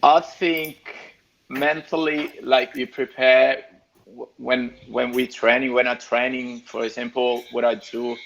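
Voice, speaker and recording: An Italian-accented man talks slowly and haltingly, restarting phrases as he hunts for words. He is a lifeguard chatting casually. His voice comes through a dull, lo-fi video call line. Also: mid-range voice, little pitch movement, gravelly, a bit bright. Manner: halting, repeats words while searching for them. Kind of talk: casual chat on a live stream.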